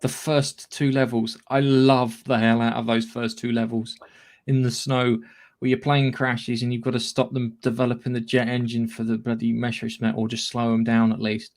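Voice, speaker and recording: Man, podcast co-host, rambling, swears freely, laughs often, mid-pitched voice. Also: flat delivery, normal speed. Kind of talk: casual chat.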